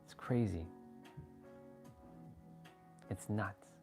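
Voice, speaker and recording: A man hosting a casual livestream, talking excitably with rambling restarts and sudden jumps in voice as he relives moments, swearing freely. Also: lowish voice, very slow, gravelly. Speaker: livestream host. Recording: faint background music.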